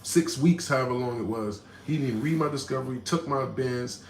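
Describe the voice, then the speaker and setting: A man casually telling a personal story to his live chat, animated and slangy, often checking in with "right?". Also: mid-range voice, fairly quick, echoey room, slight background noise.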